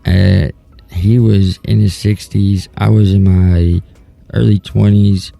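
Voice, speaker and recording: A man's voice: low voice, flat delivery, slow, vocal fry, dark tone, soft background music. A man in his thirties hosting a talk show, giving a casual, rambling and earnest monologue that often restarts its thoughts. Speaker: podcast host.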